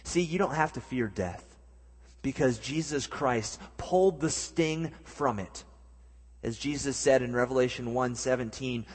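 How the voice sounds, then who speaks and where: A man preaching a sermon as pastor, earnest, with slow emphatic pauses. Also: mid-range voice, husky. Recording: long hall reverb.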